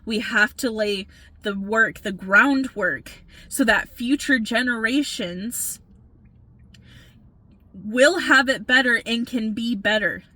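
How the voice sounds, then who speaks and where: A woman's voice: fairly high pitch, slow, pushed and bright. A woman giving an impassioned spiritual pep talk as a reader, earnest and urging, repeating "okay?" and swearing for emphasis, tired from working all night.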